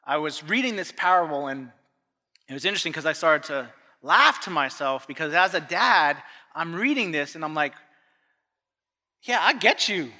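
A man in his thirties preaching a sermon as a pastor, telling a family story in an animated way and acting out the voices. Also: a little high. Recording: long echo of a large hall.

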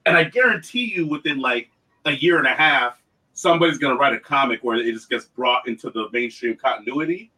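A man co-hosting a casual podcast chat, animated, often laughing and quoting himself. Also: medium pitch, a little fast, low-quality recording. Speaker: co-host.

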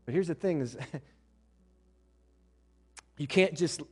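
A man's voice: on the high side, extremely slow, breathy edge. A male pastor preaching to his congregation, blunt and joking, and acting out what spouses say to each other. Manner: blunt, joking asides, acts out spouses' lines. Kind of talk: sermon.

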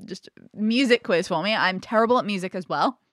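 Woman co-host, dry teasing humor, punning hints, mid-pitched voice, close dry mic. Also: fairly quick, dry recording. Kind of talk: casual chat.

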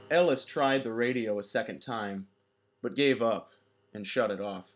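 A man narrating a story in a measured, scripted style. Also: fairly low pitch. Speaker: audiobook narrator.

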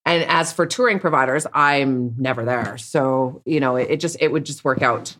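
A woman with a notably low voice speaks frankly as a podcast guest. She rambles, restarts her sentences and talks bluntly. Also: moderate pace, fairly bright tone. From Canada. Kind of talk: candid interview conversation.

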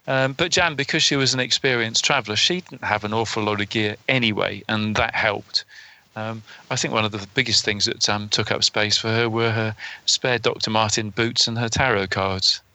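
A man with a bright, clear voice chats about his travels in a relaxed group conversation. He tells his stories loosely and laughs often. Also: fairly low pitch, normal speed, no room sound. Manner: chatty storyteller, laughs often. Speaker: podcast guest, motorcycle traveller. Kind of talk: casual group chat on a call.

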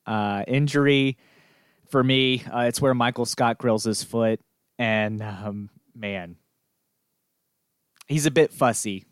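Smooth-voiced man in relaxed chat. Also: mid-range voice, slow, pauses often, no echo, clean studio sound. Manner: relaxed, laughs easily. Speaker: podcast co-host. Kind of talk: casual chat.

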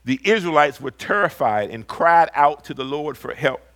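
A male preacher in full sermon, his voice pitched high and bright for a man. He reads scripture slowly and deliberately, then climbs into loud, emphatic rises before dropping into quiet, low asides. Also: expressive.

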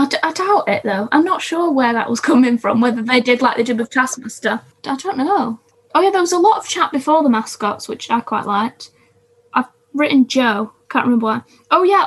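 A podcast co-host with a husky, higher-pitched voice chats casually about TV shows, reading from her notes and often interrupting herself.

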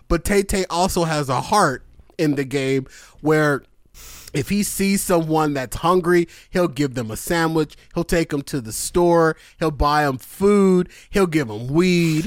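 A man co-hosting a podcast, telling stories in an excited casual chat with frequent swearing and laughter. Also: on the high side, dry recording, clean studio sound. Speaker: podcast co-host.

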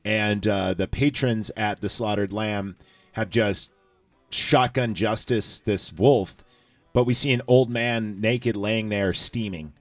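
A man's voice: lowish voice, fairly even intonation, takes it slowly, no echo. A man hosting a casual movie recap chat, rambling with lots of fillers and profanity. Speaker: podcast host.

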